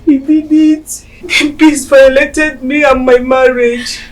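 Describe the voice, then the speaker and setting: A woman's voice: high-pitched, steady tone, slow pace, faint music behind. An actress with a Nigerian accent playing a grieving widow who bitterly recounts her ordeal.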